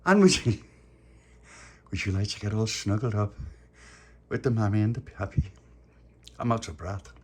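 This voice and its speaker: A man telling a homemade children's bedtime story in a gentle, playful way, laughing often. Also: lowish voice, normal speed, long pauses, husky.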